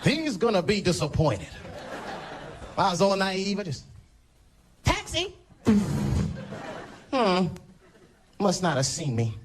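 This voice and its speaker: Here a US stand-up comic speaks in a high, sing-song voice at an ordinary pace, spinning loose tales laced with punchy profanity. Laughter from the audience fills the noisy live recording of his stage show.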